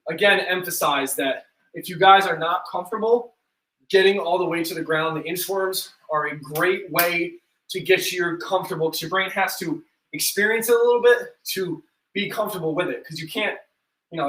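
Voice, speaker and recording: Young guy coaching a workout class, talks fast and jokes at himself, roomy echo, kinda far from the mic. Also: high voice, bright, forceful tone. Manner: chatty, self-deprecating, counts down reps. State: out of breath at times. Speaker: fitness instructor. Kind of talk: live workout class instruction. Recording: echoey room, mic at a distance.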